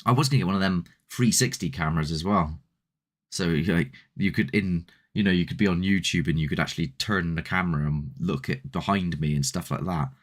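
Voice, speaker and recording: Man, low pitch, casual chatty streaming host. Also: brisk. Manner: rambling, chatty, answers viewer comments. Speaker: host of a paranormal channel. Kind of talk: casual live-stream chat.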